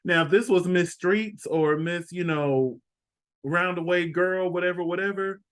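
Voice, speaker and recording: A man's voice: high-pitched, a little slow, smooth. A man co-hosting a casual review chat, talking in a conversational, opinionated way and often restarting his thoughts. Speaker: co-host reviewing a TV show.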